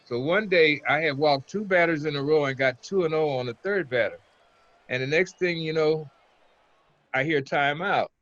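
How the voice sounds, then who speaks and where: An older man from Oakland, a former pitcher, telling rambling stories as an interview guest. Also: moderate pace, highs cut off. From Oakland, California. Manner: relaxed, rambling, chuckles between stories. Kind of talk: casual interview storytelling.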